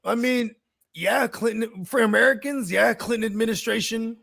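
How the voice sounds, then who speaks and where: A man's voice: very high-pitched, moderate pace, vocal fry, fairly bright tone. A man co-hosting a podcast, talking in a loose, profane, slangy way. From California. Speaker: podcast co-host. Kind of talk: casual chat.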